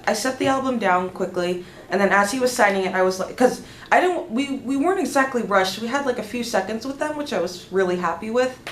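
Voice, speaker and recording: A young woman vlogger excitedly telling a story, gushing and tripping over her words as she goes. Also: on the high side, fairly quick, few pauses, slight background noise. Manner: gushing, restarts often, lively. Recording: roomy echo, faint background ambience.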